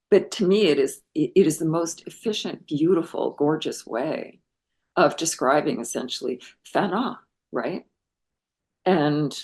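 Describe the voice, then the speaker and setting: Older woman, low and measured, reflective interview guest. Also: darkish tone. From United States. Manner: reflective, searching for words, many restarts. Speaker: guest, translator of Persian poetry. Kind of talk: thoughtful interview conversation.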